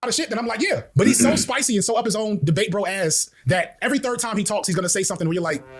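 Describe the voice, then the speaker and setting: A man giving fast, opinionated video commentary full of slang and jokes. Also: high-pitched, faint music behind. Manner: animated, slangy, ranks and jokes.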